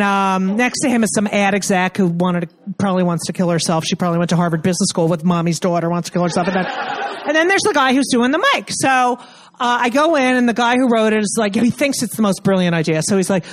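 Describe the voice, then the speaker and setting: A woman in her thirties doing a stand-up comedy set, brash and profane, acting out the people in her story. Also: mid-range voice. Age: 30s. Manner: brash, profane, acts out characters in quick asides. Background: audience laughter.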